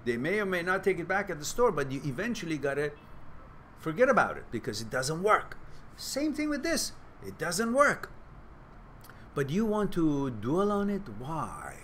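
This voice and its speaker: A man hosting a Q&A advice talk, blunt, profane and animated. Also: a little high, normal speed, slight background noise. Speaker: host and author giving advice.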